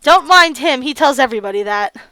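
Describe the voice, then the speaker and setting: A woman's voice: high voice, animated, a little fast, bright, forceful tone, no room sound. Woman reading as a charming British student guy. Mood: cheerful. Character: flattering young British male student.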